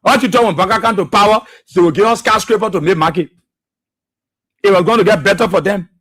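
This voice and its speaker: A man's voice: high-pitched, quick pace, fairly bright tone, husky. A man giving emphatic, repetitive political commentary as a radio talk show host.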